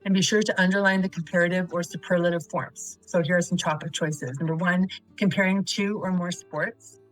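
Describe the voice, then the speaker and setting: A woman's voice: fairly low pitch, fairly even intonation, a little fast, poor audio. A woman teaching essay writing, who works through example sentences and practice exercises one at a time in a patient, methodical way. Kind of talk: instructional lesson narration. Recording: light guitar music behind.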